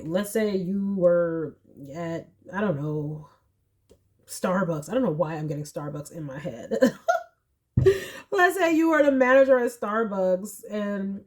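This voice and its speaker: A young woman giving a casual pick-a-card tarot reading, chatty and animated, with slangy asides. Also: mid-range voice. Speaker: tarot reader.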